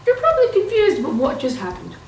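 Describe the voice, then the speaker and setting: A woman's voice: sits high, wildly swooping pitch, fast, vocal fry, echoey room, distant mic, faint music behind, low-quality recording. A young woman hosting a mock-instructional comedy vlog in a playful, mock-serious tone. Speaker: vlogger.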